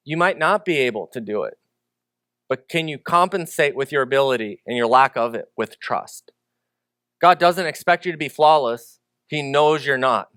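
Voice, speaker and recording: Animated male pastor preaching. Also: sits high, no echo, clean studio sound. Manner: animated, acts out quoted dialogue, swings between loud emphasis and quiet reflection. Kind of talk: sermon.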